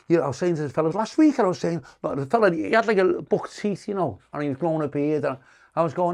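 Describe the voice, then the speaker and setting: Brief: older British stand-up guest, gravelly and a touch high, swears freely while acting out his stories. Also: fast. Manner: profane, animated anecdotes, acts out quoted insults loudly. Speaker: comedian guest. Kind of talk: casual podcast storytelling.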